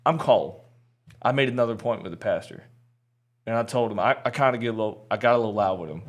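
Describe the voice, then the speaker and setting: A man's voice: lowish voice, racing. Earnest chatty man telling his story. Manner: earnest, candid, chatty storyteller with frequent fillers. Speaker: podcast guest. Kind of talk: personal testimony storytelling.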